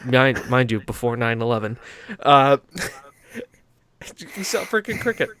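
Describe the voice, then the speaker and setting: An American man co-hosting a casual gaming podcast. He tells rambling stories, swears freely and laughs often, in a voice of ordinary pitch. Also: big pitch swings, measured pace, a bit bright, smooth. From United States. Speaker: podcast co-host. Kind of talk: casual chat.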